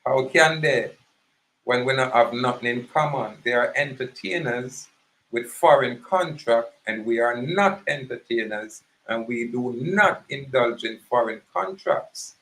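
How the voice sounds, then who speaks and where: A man's voice: medium pitch, measured pace, a bit bright, poor audio. A man with a Jamaican accent giving an impassioned, preachy monologue, emphatic and repetitive. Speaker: activist speaker.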